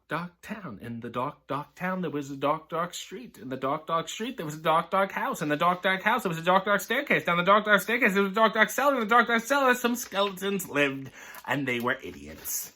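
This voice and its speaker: A man reads a bedtime story for laughs in a bright, forceful voice. His pitch swoops all over as he builds hushed suspense. Then he falls flat into deadpan, mocking asides. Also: a little fast. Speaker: host reading a bedtime story. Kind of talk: comic bedtime story reading.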